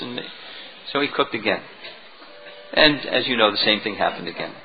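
A man lecturing as a spiritual teacher, retelling a devotional story in an animated way, on a dull lo-fi recording. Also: fairly low pitch, moderate pace, long pauses. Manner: animated storytelling, chuckling at moments.

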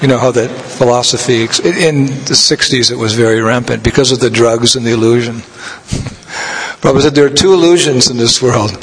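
A man giving a scripture lecture as a spiritual teacher, telling stories in a measured way and laughing now and then. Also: mid-range voice, fairly bright tone, slight background noise. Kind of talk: sermon. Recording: long hall reverb.

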